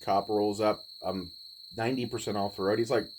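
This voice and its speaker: A man in his forties, telling a personal story in a laid-back, rambling way with pauses. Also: lowish voice, steady tone, darkish tone, slight background noise, rough recording. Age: 40s. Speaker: vlogger. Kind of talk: casual storytelling.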